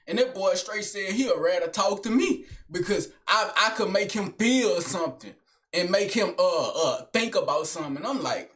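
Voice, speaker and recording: A young man rambling through a comedic vlog monologue in slangy street talk, animated and joking. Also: sits high, normal speed. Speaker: vlogger.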